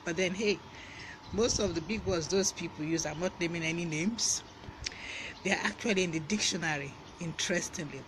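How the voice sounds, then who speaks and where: A Nigerian man with a Nigerian English accent hosts a casual live-stream vocabulary lesson in a high voice at normal speed, greeting viewers by name and laughing often. There's a noisy background.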